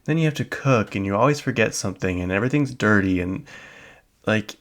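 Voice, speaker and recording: A man's voice: fairly low pitch, lively intonation, a little fast. A young adult man hosting a solo podcast, chatting casually and rambling with lots of filler words and small laughs. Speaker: podcast host.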